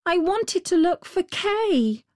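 A woman voicing an eager, anxious little girl in a storybook reading, with high, breathless exclamations. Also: very animated, slow pace, darkish tone, dry recording, clean studio sound, exaggerated voice. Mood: worried.

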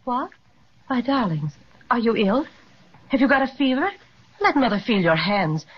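A woman's voice: fairly high pitch, lively intonation, normal speed, husky. An actress playing a caring mother who fusses over her children in a motherly way, in 1930s radio acting. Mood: fussing. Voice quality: fussing, motherly. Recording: muffled 1930s radio recording.

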